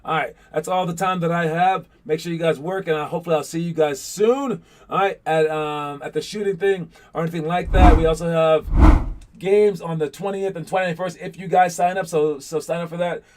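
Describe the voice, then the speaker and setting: A young man leads a basketball lesson for his players, his voice sitting fairly high for a man. He talks in a loose, animated way and keeps acting out the calls players shout on the court. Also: brisk. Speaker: basketball coach.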